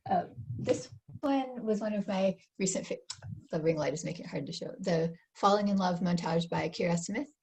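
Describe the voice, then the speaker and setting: A woman's voice: on the low side, gravelly, a little hiss or hum. A woman in her forties, an author, chatting enthusiastically on a video call and often restarting her sentences. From United States. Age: 40s. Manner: warm, enthusiastic, talks in quick restarts. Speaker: author guest. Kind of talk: casual interview chat.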